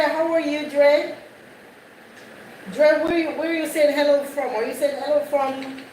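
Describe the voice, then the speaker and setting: A chatty Jamaican woman with a high voice hosts a livestream, casually talking with viewers, greeting them by name and repeating herself. She's far from the mic, and the recording is echoey with a noisy background.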